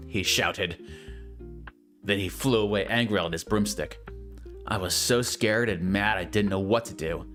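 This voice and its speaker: A man's voice: lowish voice, unhurried, fairly bright tone, soft background music. A man giving a comedic dramatic reading of a bad story, with incredulous, mocking asides. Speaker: reader.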